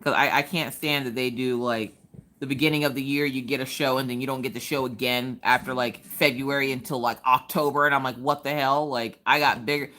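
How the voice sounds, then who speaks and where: Woman, live-stream host, casual crafting chat, animated and chatty, bright tone. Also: very deep voice, fairly quick. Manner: animated, chatty, greets viewers and answers chat.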